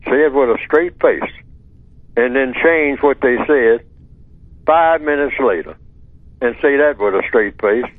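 A man talks over a thin, tinny phone line with a dry sound and no room around it. He lectures at a measured pace as a radio guest, posing rhetorical questions and answering them himself. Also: mid-range voice, no echo. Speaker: guest expert on call-in radio. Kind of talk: talk radio discussion. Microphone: telephone.

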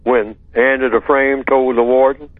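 A man talks over a thin, tinny phone line with a dry sound and no room around it. He lectures at a measured pace as a radio guest, posing rhetorical questions and answering them himself. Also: mid-range voice, little pitch movement, no room sound. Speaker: guest expert on call-in radio. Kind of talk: talk radio discussion. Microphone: telephone.

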